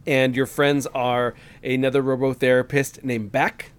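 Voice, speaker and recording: A man's voice: mid-range voice, level tone, clean tone. Rambling man chatting casually on a podcast. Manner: rambling, halting, full of fillers and restarts; acts out game dialogue in quick voices. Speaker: podcast co-host. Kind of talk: casual chat.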